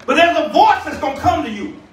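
A man preaching a sermon as bishop, shouting and calling out to the congregation, recorded from a distance in a church. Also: extremely high pitch, expressive, brisk, slight background noise. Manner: shouting, call-and-response preaching. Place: church sanctuary. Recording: echoey church room, distant mic.

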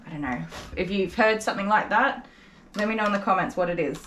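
A young woman dog groomer talking gently and coaxingly to a nervous dog while she works, openly emotional and tender. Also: mid-range voice, quick pace, rough recording. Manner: gentle, coaxing, soft-spoken. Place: grooming salon, indoors. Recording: clipper buzz and background noise.

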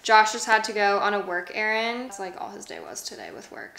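A woman's voice: medium pitch, sing-song, moderate pace, hardly any pauses, pushed and bright. A young woman in her twenties chatting candidly in a home vlog, sore from a workout, swearing casually. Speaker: vlogger. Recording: echoey room with clear background noise.

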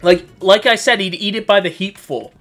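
A man's voice: high-pitched, moderate pace, fairly bright tone, soft background music. A man co-hosting a crude comedy gaming show, rambling through profane tall tales. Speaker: co-host.

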